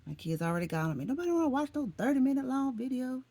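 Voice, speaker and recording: A woman's voice: high-pitched, sing-song, very fast, mellow, no room sound. A middle-aged woman from Florida, chatting to her viewers in an emotional, talkative way and calling them "honey" and "y'all". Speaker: vlogger. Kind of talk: casual chat to camera.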